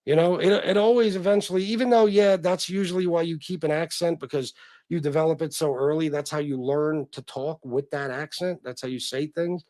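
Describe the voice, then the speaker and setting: A man's voice: fairly high pitch, steady tone, fairly quick, mellow, no room sound. A middle-aged man hosting a casual livestream, reading chat comments and talking in a blunt, profane, self-deprecating way.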